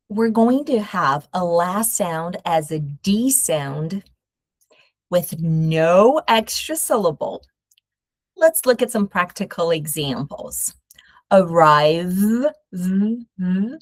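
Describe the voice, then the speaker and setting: A Brazilian woman with a Brazilian Portuguese accent teaching English pronunciation, repeating each word slowly and carefully. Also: mid-range voice, no echo, studio quality. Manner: slow, careful repetition of words. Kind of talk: pronunciation lesson.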